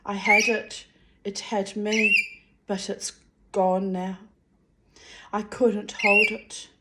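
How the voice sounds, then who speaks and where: Brief: a rueful young magician man, read by a woman in her own voice, soft and stung. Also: mid-range voice, level tone, slow, heavy background noise, close to an everyday voice. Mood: wistful.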